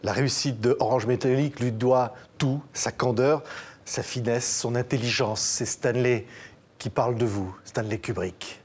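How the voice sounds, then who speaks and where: A male host puts his questions to a guest in a television studio. He reads prepared, admiring lines at an even, deliberate pace. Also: medium pitch, slightly rough. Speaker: TV interviewer host. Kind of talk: scripted interview questions.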